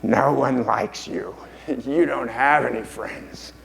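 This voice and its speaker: Possessive, self-pitying male creature voiced by a lecturer, higher and slower than his own talk. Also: vocal fry. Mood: taunting. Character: sneering, possessive creature alter ego, male.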